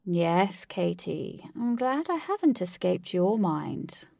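A woman reading a storybook villain, a flamboyant man who is charming and creepy, with a theatrical, drawn-out delivery. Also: on the low side, very animated, gravelly, a little mellow, dry recording, clean studio sound, heavily acted. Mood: smooth, taunting.

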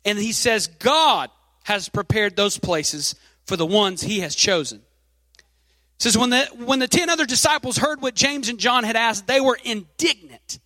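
A man's voice: sits high, bright, forceful tone, no echo, big-room sound. A man preaching a sermon, reading scripture aloud and leaning hard on key phrases.

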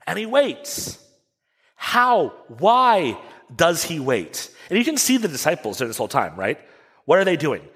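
A man preaching a sermon as a pastor, telling the story with animated rhetorical questions. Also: a little high, unhurried, breathy edge, in a large hall. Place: church sanctuary.

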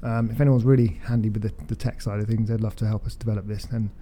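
A man's voice: fairly low pitch, fairly even intonation, quick pace, dark tone, a little hiss or hum. A man co-hosting a podcast, talking casually and trailing off mid-sentence. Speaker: podcast co-host. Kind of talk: casual chat.

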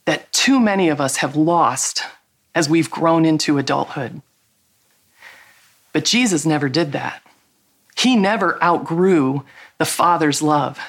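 A middle-aged woman giving a devotional teaching talk, earnest and emphatic, drawing out key words. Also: sits low. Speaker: Christian speaker.

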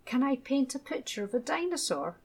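A woman's voice: lowish voice, slow pace, breathy edge, heavily acted. A woman reading a small stubborn boy. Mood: eager. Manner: sulky, refusing.

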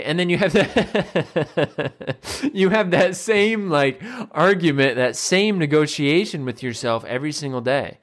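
A man's voice: fairly high pitch, lively intonation, measured pace. A man, a nutrition coach and personal trainer, giving a casual motivational monologue and acting out the voices he quotes.

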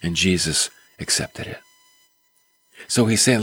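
A man's voice: medium pitch, sing-song, unhurried, slightly rough. A male preacher giving a conversational sermon, full of rhetorical questions.

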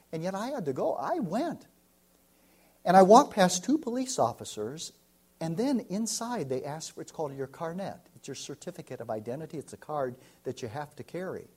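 An American man, a pastor, preaching a sermon and telling a story, swinging from loud to hushed. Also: on the high side, very animated, moderate pace, slightly rough. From United States.

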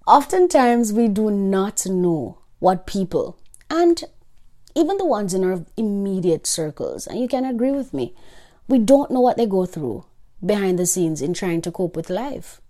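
A woman's voice: mid-range voice, sing-song, unhurried, dark tone. A young woman from Jamaica hosting her own podcast, reading an upbeat, emphatic monologue. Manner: upbeat, emphatic, list-like delivery. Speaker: podcast host.

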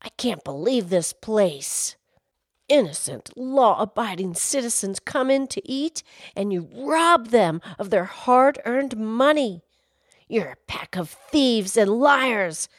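A woman voicing a boastful swindling man who blusters loudly and indignantly. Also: medium pitch, lively intonation, slow, no room sound, clean studio sound.

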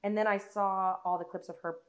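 A woman's voice: mid-range voice, little pitch movement, a little fast. A woman co-hosting a casual movie podcast, chatty and laughing easily, with a casual swear now and then. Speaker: podcast co-host.

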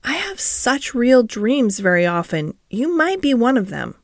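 A woman's voice: fairly high pitch, sing-song, a little slow, no echo, clean studio sound. A woman voicing a sickly, fretful young boy in an audiobook, anxious and petulant.

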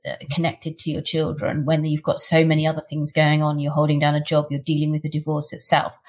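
Low-voiced woman host, thoughtful. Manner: thoughtful, with small hesitations. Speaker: podcast host. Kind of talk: podcast interview.

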